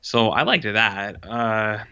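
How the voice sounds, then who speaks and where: A man talks in a rambling, sarcastic, offhand way, full of "like", in casual podcast chat. His voice sounds bright and forceful. The recording is dull and lo-fi. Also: lowish voice, animated, slow, clear, resonant tone. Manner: rambling, sarcastic, heavy use of "like". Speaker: podcast co-host reviewing short films.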